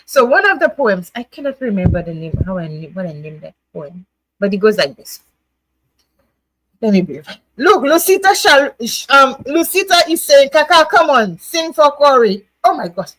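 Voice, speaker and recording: A woman's voice: fairly high pitch, very animated, normal speed, fairly bright tone, dry recording, low-quality recording. A woman hosting a casual poetry night livestream, chatting and laughing, coaxing viewers to join, then reading her own poem. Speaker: livestream host.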